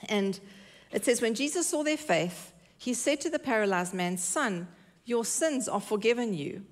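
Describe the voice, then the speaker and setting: Earnest woman preaching a sermon. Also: medium pitch. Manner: earnest, emphatic, repeats key phrases. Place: church.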